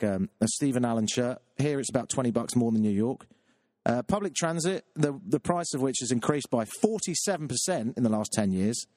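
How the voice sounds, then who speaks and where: A British man hosting his own show, doing a self-mocking comic rant that keeps jumping up into a high squeaky voice. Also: darkish tone, no room sound, studio quality. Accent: British English. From Britain. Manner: exasperated, self-mocking, jumps into a high squeaky voice when riled. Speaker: show host. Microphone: webcam setup.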